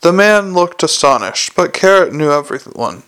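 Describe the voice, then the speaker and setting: A man narrating a fantasy novel in a measured, dry storytelling manner. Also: a little high, animated, fairly bright tone, clear, resonant tone. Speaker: audiobook narrator. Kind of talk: scripted narration.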